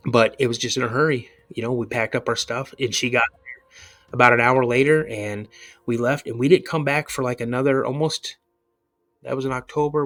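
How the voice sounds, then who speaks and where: An earnest man recounts his own experience as a podcast guest, in a mid-range voice. His telling is casual and rambling, and he circles back over the same words to stress a point. Soft music sits quietly behind him. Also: medium pitch. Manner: earnest, rambling, repeats himself for emphasis. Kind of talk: casual first-person storytelling.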